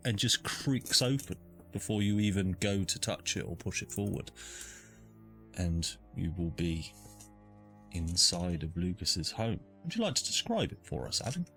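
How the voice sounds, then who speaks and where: Bright-voiced man narrating as game master. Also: deep voice. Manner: chatty, descriptive, lots of fillers. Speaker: dungeon master.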